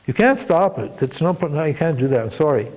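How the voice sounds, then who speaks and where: A man's voice: fairly high pitch, expressive, a little fast, a little mellow. A man playing an exasperated scolding guru. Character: impatient older male guru, scolding.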